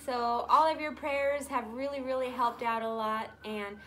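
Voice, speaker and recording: A woman hosting a casual live-stream handbag sale from a room at home. She chats in a friendly way and coos at her pets in a high voice. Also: fairly even intonation, normal speed, a bit bright, slight background noise. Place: room at home in natural light, pets nearby.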